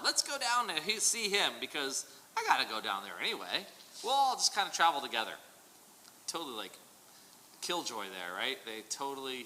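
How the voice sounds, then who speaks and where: Animated man teaching a Bible study. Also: mid-range voice. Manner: animated, digressive, joking asides. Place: church hall. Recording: reverberant hall, faint noise.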